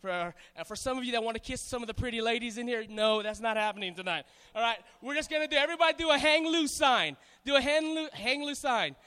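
A man from Hawaii with a Pidgin and Southern-tinged accent, giving a loud, playful church youth talk with call-and-response. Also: very high voice, expressive, fast, few pauses, smooth. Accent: Hawaiian Pidgin mixed with Southern US. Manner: loud, playful, hyping up the crowd. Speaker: guest speaker at church youth service. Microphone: stage microphone on a cable. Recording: long reverb from a large hall.

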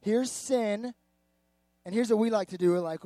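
Man, 30s, youth pastor; high, dry-miked voice, conversational and energetic sermon delivery. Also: normal speed, pauses often, dry recording. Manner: energetic, conversational preaching with acted-out quotes.

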